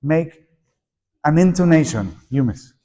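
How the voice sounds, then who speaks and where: A middle-aged man leads a workshop for teachers, lively and prompting the audience to repeat and join in. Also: on the high side, measured pace. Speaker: teacher trainer. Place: conference room at a teachers' meeting. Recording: echoey conference hall.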